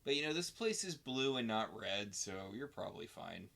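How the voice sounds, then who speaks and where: A man's voice: medium pitch, sing-song, normal speed, vocal fry, pushed and bright. A man co-hosting a podcast, recapping a TV episode in casual chat with dry, joking commentary. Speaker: podcast co-host.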